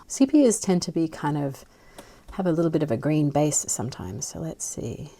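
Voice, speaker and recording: An Australian woman chatting casually and rambling as she swatches inks, with soft murmured asides. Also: sits low, expressive, moderate pace, creaky. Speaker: fountain pen ink vlogger.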